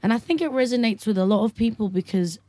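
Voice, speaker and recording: A woman in her twenties, a pop singer guest in a relaxed radio interview, chatty and laughing often, with lots of "like". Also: a little high, quick pace, no echo. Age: 20s. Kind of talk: casual radio interview chat.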